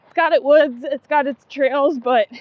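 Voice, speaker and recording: A woman's voice: high voice, steady tone, measured pace, no room sound, lo-fi sound. A woman co-hosting a casual running podcast, chatty and giggly, full of likes and ums. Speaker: podcast co-host. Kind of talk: casual chat.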